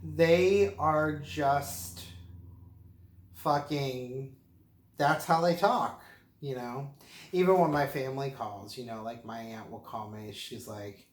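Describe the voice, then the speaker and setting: A mildly tipsy man from western Pennsylvania talks to his camera in a loose, wandering monologue, leaning on fillers and breaking into laughter. He speaks slowly and unhurriedly. His voice bounces around a roomy, echoing indoor space. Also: medium pitch. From Pittsburgh area, western Pennsylvania. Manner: rambling, with many fillers and frequent laughs. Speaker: vlogger. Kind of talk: casual rambling monologue. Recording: roomy echo.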